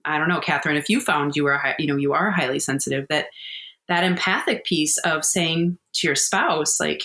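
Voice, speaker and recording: A woman's voice: deep voice, normal speed, sharp tone. A middle-aged woman, a podcast guest, chatting candidly and telling personal stories with frequent laughter. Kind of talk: casual conversational interview.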